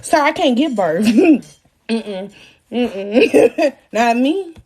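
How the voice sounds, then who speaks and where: A young woman hosting a live stream, telling a personal story in a loud, animated way, cursing freely and laughing often. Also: fairly high pitch, extremely slow, slightly rough. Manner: animated, profane and laughing as she tells the story.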